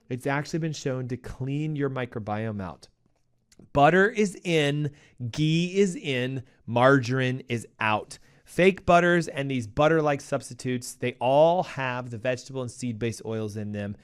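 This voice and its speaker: A man delivers health advice in a punchy, emphatic way, speaking right to his listeners. His voice is smooth and clear, sitting at an ordinary middle pitch. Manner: acts out a panicking cardiologist in a raised voice. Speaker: health show host. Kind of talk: energetic health advice talk.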